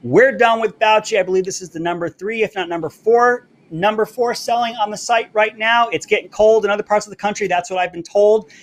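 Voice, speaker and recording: A male political talk host on a live stream, with a high-pitched voice. He talks in a brash, sarcastic way, swears freely and pounds his points home through repetition. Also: brisk, few pauses. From Latino background, living in Florida.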